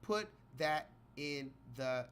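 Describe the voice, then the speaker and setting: A man giving live reaction commentary, mocking and animated, often telling his chat what to type. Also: a little high, very slow, a little hiss or hum. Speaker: livestream commentator.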